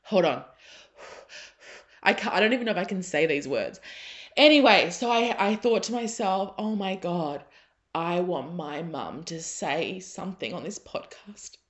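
A woman's voice: on the low side, animated, moderate pace, muffled recording. A woman in her thirties hosting a solo podcast, talking earnestly and emotionally, at times laughing through tears. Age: 30s. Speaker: podcast host.

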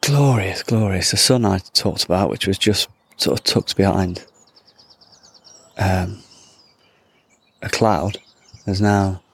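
A man's voice: deep voice, husky. A man hosting a podcast, chatting casually while he walks around an allotment, with rambling, self-deprecating asides. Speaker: podcast host. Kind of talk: casual outdoor monologue. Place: outdoors at an allotment.

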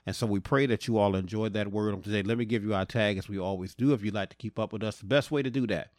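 Male pastor, lowish voice, dry close podcast sound, sermon delivery built on repeated rhetorical questions. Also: steady tone, darkish tone, no room sound. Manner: repetitive rhetorical questions, building preaching cadence; drawn-out emphatic phrasing.

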